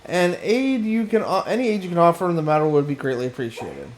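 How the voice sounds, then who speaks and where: A man's voice: on the high side, big pitch swings, fast talker, slight background noise, voice pushed up. A man voicing a formal, weary male garrison officer from a game, reading the dialogue plainly.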